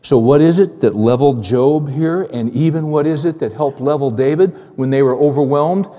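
A man preaching a sermon in a church, talking conversationally and repeating phrases for emphasis. His voice sits fairly high and sounds mellow and warm. The sound carries a long hall reverb. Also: normal speed. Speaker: pastor.

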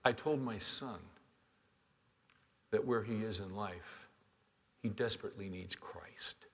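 A man preaching a sermon as a pastor, dropping to quiet, hushed lines and then rising to loud, fervent exhortation. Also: on the low side, takes it slowly. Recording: long hall reverb.

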